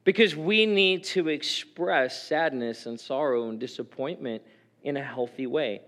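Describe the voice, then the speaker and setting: A man's voice: medium pitch, unhurried. A man preaching a sermon as pastor, talking in an earnest, conversational way with frequent restarts and open emotion. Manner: emotional, openly expressive.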